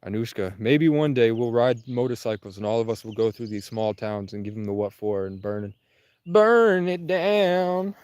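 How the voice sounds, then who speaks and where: A man's voice: on the low side, steady tone, brisk, hardly any pauses, warm tone, no room sound. A man livestreaming outdoors in the countryside, rambling casually and answering viewers' comments. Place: outdoors in rural Vermont.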